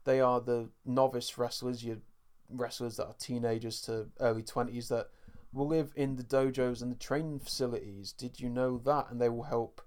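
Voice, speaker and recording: A man co-hosting a casual podcast, walking through a cartoon episode with gusto. His voice sits at an ordinary middle pitch, and he throws himself into the retelling, acting out bits of the scenes and calling out to the folks listening. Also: normal speed. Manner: animated storyteller, acts out scenes, addresses folks. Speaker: podcast co-host.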